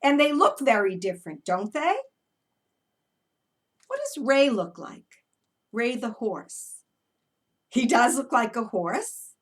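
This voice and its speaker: Lively story-time woman, far from the mic. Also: fairly high pitch, slow, pauses often. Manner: animated and encouraging, speaking to toddlers. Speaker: early childhood educator. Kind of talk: children's story time with movement.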